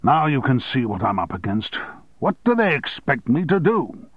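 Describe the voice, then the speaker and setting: A man reading an audiobook and voicing a blustering, domineering male newspaper owner who talks loudly and impatiently. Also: expressive, moderate pace, no echo. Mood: forceful. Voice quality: loud, booming. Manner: bullying, impatient.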